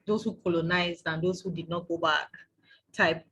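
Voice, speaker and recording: A woman's voice: fairly low pitch, fairly even intonation, normal speed, fairly bright tone, breathy edge, poor audio. A woman hosting a book club chat. She talks casually and chattily and laughs easily. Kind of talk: casual conversation.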